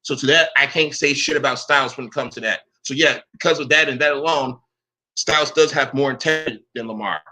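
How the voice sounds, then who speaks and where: A man's voice: mid-range voice, fairly quick, bright, forceful tone. A man in a profane, confrontational rant to camera. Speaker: online commentator.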